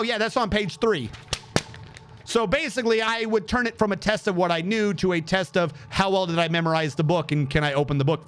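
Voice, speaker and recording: A young man with a notably high-pitched voice tells a story casually while he streams. He is animated and profane, and he acts out each exchange he describes. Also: slight background noise.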